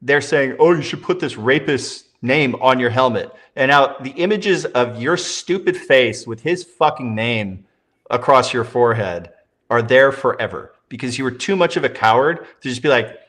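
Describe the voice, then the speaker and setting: Man, mid-pitched voice, blunt, sarcastic, profane co-host. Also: lively intonation, moderate pace, a bit bright. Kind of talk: casual rant chat.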